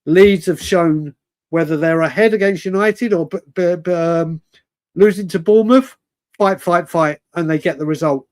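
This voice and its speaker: A man's voice: fairly high pitch, normal speed, a little mellow. A man hosting a live fan stream, talking casually and rambling, laughing often and calling viewers mate and brother.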